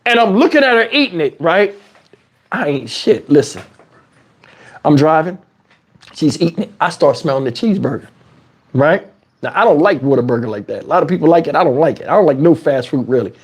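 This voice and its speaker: Animated, high-voiced man telling a story. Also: a little fast, pauses often, slightly rough. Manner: animated, profane, conversational. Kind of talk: casual storytelling.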